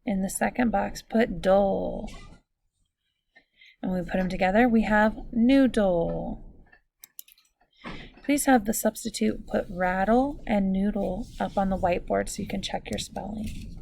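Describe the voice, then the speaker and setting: A woman teacher giving a recorded phonics lesson, speaking slowly and clearly as she walks students through each step. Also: medium pitch, fairly even intonation, darkish tone. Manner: slow, clear, instructive.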